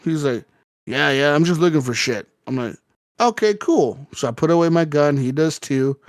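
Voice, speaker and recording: A man's voice: fairly quick, no room sound, clean studio sound. Profane rambling man telling a gaming story. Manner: rambling, profane, acts out quotes with jumps in pitch. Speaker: podcast co-host. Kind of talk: casual storytelling chat.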